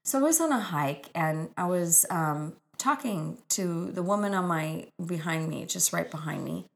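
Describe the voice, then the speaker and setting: Gravelly-voiced woman telling inspirational stories. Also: fairly low pitch, lively intonation, moderate pace. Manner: warm, earnest and spiritual, with gushing exclamations. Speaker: author and speaker. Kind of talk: inspirational personal storytelling.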